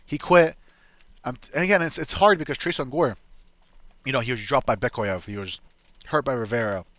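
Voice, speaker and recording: Brisk and fairly bright, a medium-pitched man offers casual, profane MMA betting predictions on his own, rambling and restarting his sentences. There's no room sound at all.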